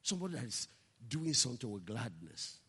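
A man preaching a sermon with a bright, husky voice that rings out in a large hall with long reverb. He tells stories as he goes and rises to impassioned, loud delivery. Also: mid-range voice, big pitch swings, brisk. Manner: storytelling preacher, rising to impassioned shouting. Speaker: pastor.

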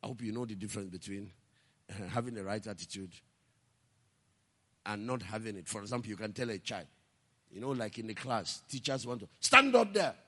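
A male pastor preaching a sermon, telling stories and building to impassioned shouts. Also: lowish voice, fairly quick, pauses often, breathy edge, big-room sound.

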